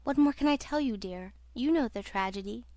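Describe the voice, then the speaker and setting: Expressive woman reading a horror audiobook. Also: a little high, a little fast, dry recording. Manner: expressive, theatrical. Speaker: audiobook narrator.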